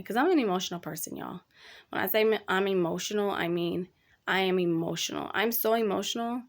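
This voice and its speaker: A young woman hosting a casual advice talk, speaking candidly and chattily, addressing listeners as y'all. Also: medium pitch. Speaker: podcast host.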